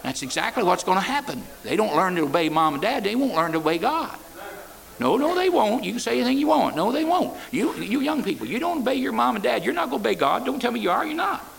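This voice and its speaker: A man preaches in a folksy, repetitive way. His voice sits high for a man and leaps all over the place, with a gravelly edge. He keeps calling out "amen" as he stumbles through restarts. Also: sing-song, fast talker, fairly bright tone, poor audio. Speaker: pastor. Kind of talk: sermon. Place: church.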